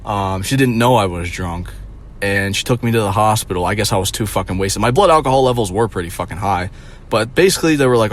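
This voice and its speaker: A man's voice: fairly low pitch, quick pace, slight background noise. A young man ranting casually to his viewers, rambling with lots of fillers and swearing. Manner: rambling, profane, heavy on "like". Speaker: vlogger. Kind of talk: casual vlog rant.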